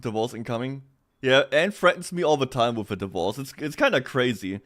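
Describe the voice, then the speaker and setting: A man's voice: mid-range voice, animated, brisk. A young man with a German accent, chatting casually as a streamer, often breaking into laughter. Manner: laughs often, reacts loudly to chat.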